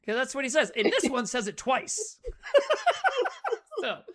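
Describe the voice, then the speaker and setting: Speaking slowly in a high-pitched voice, a woman co-hosting a podcast walks through a movie in casual, profane conversation. She stays animated and keeps acting out quotes.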